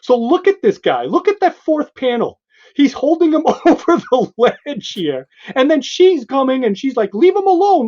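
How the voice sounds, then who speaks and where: A male co-host in an excited comic book discussion, emphatic and animated, pointing out panel after panel. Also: very high-pitched. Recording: dull lo-fi sound.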